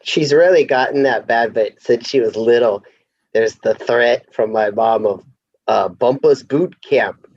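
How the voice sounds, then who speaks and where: A man co-hosting a casual podcast chat, animated and playfully mimicking his daughter. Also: medium pitch, measured pace, dry recording, lo-fi sound. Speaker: podcast co-host and father.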